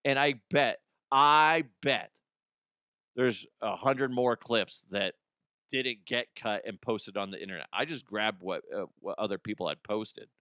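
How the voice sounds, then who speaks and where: A man's voice: fairly low pitch, unhurried, clear, resonant tone, dry recording. Irreverent man riffing on football, dry sound. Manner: irreverent, profane, animated. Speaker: host. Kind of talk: comedic sports commentary.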